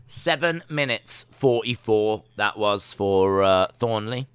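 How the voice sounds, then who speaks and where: A man's voice: fairly low pitch, expressive, takes it slowly, a bit bright, clean tone, no echo. A man hosting a casual live watch-along stream, chatting and reading search results and chat messages aloud.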